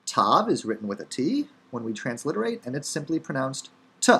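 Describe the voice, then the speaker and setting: Male instructor, Chicago accent, offhand and dryly funny, mid-pitched, lecture delivery. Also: very animated, fairly quick, a bit bright, husky. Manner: casual, wry teaching with many fillers. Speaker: Hebrew instructor. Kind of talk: recorded lecture.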